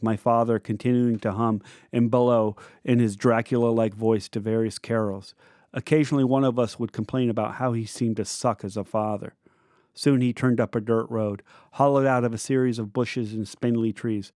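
A man's voice: fairly low pitch, fairly even intonation, a little mellow, dry recording, clean studio sound. Reflective man reading his memoir. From United States. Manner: reflective, measured, descriptive. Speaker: memoir narrator. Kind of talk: reading a personal memoir aloud.

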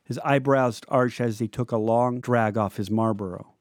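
A man in his fifties reads his own memoir aloud. His delivery is reflective and measured, lingering on descriptive details. His pitch is mid-range for a man, and the recording is dry and close with no room sound. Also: fairly even intonation, dry recording. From United States. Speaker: memoir narrator. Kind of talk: reading a personal memoir aloud.

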